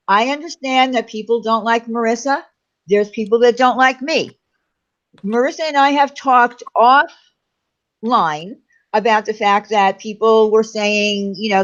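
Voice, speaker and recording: Woman host on lo-fi stream audio. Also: on the high side. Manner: firm, steady, explaining at length. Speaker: livestream host. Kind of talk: livestream panel talk.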